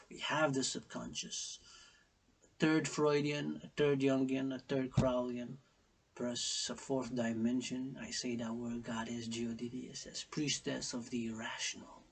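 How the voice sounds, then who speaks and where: A man giving a rambling spiritual monologue, chanting repeated phrases and swinging from whispers to loud outbursts. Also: mid-range voice, slightly rough. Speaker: self-styled priestess and vlogger.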